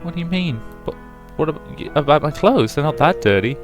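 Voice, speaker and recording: A man voicing a gentle, caring young schoolgirl from a visual novel who talks softly and stammers when worried. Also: a little high, expressive, fairly quick, over music, voice pushed up, natural voice. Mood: fretful. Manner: soft, fretful, stammering.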